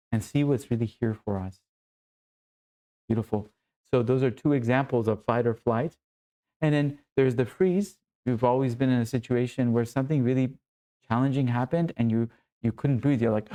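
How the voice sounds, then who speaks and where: A man's voice: mid-range voice, dark tone. A man coaching other men, talking earnestly and with emphasis in short phrases. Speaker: men's coach. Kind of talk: motivational teaching talk.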